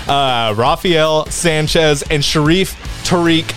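A man's voice: mid-range voice, big pitch swings, normal speed, soft background music. A man hosting a casual podcast, upbeat and jokey, rattling through plugs and chatting with his co-hosts. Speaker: podcast host.

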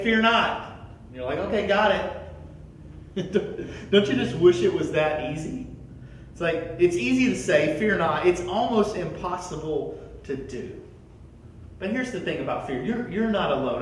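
A man preaching a sermon as a pastor, animated and often repeating words as he starts a sentence. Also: fairly high pitch, moderate pace, heavy reverb, recorded from a distance, slight background noise, rough recording.

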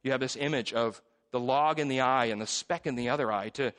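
A man in his forties, a pastor, preaching a sermon in a church in a conversational, animated storytelling way with self-deprecating jokes. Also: mid-range voice, a little fast, clean tone. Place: church sanctuary. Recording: long reverb of a church hall.

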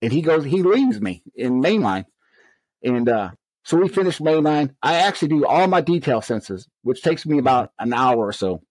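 A middle-aged man, a correctional officer, telling his story as an animated interview guest. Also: fairly high pitch, moderate pace, no room sound, rough recording. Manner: animated storyteller who acts out quoted exchanges.

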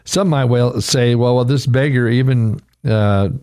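A man preaching a radio sermon, earnest and conversational, his pitch rising sharply when he voices a quoted cry. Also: a little slow, darkish tone, smooth. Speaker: radio pastor.

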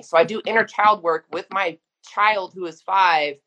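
A woman's voice: mid-range voice, fairly even intonation, measured pace, few pauses, sharp tone. A woman in her thirties speaking frankly and emphatically as a guest in a casual conversation. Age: 30s. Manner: frank, emphatic, uses mild swearing. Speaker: guest therapist.

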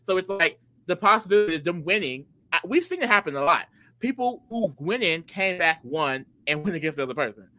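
An animated co-host who swoops up and down in pitch and talks with a bright, forceful edge. This is excitable casual chat about a reality show, full of filler "like"s. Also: fairly quick, low-quality recording. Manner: excitable, animated, fills talk with "like".

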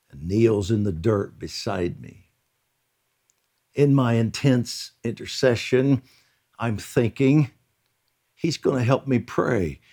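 A man reads a devotional prayer story at an unhurried pace, his voice gravelly and a little husky. His pitch moves a lot, climbing high whenever he voices a quote. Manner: slow, earnest reading with lively rises on quotes. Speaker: podcast host reading a prayer account. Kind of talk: devotional reading aloud.

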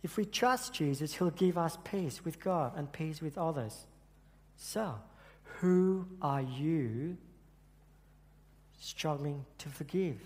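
A man's voice: fairly high pitch, a little mellow. A man giving an earnest sermon at church, telling a personal story and often restarting his sentences. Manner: earnest, halting with repeated restarts. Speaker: church speaker. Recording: echoey hall with long reverb.

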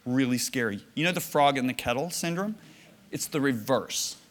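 A middle-aged man delivers a storytelling sermon in a hall, and his voice rings with a long echo off the walls. He sits in a middle range and acts out his own lines for the crowd. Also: medium pitch. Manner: storytelling, animated, with laughs and acted-out quotes. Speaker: preacher. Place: church or conference hall. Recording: reverberant hall.

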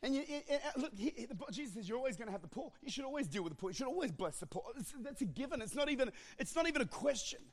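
A man preaching a sermon as pastor, impassioned and often shouting, with joking asides. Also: extremely high pitch, sing-song, very fast, hardly any pauses.

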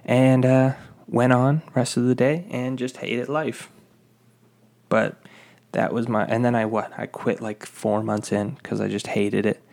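A young man rambles through an exasperated, swear-filled story in a casual monologue. His mid-pitched voice has a gravelly rasp and drops into vocal fry at the ends of phrases. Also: level tone, unhurried, darkish tone. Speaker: former fast-food worker telling a story.

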